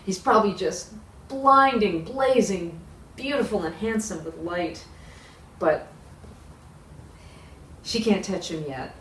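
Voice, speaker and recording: A woman leading children's worship, telling a Bible story with big expressive swings, recorded in a roomy space from a distance. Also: medium pitch, slow, long pauses. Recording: echoey room, distant mic, faint hiss.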